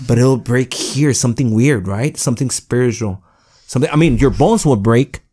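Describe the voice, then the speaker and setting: A man hosting a podcast in casual chat, thinking out loud and tagging his sentences with "right?". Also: medium pitch, moderate pace.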